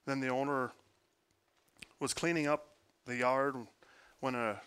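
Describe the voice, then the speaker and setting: A man preaching a sermon, earnest, moving between forceful emphasis and quiet, hushed prayer. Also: medium pitch, fairly even intonation, takes it slowly, clean tone. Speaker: pastor.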